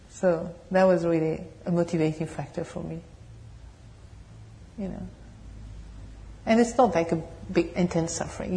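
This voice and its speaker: A woman with a French accent tinged with British English, giving a meditation talk and answering questions in a gentle, searching way. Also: lowish voice, vocal fry. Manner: gentle, searching, laughs softly, asks the audience questions. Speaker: meditation teacher. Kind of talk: dharma talk with Q&A. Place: meditation hall.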